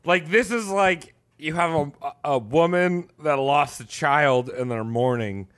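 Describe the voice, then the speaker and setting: A man co-hosting a casual podcast, excitable and joking crudely, with lots of cursing. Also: a little high, a little slow, clear, resonant tone. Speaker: podcast co-host.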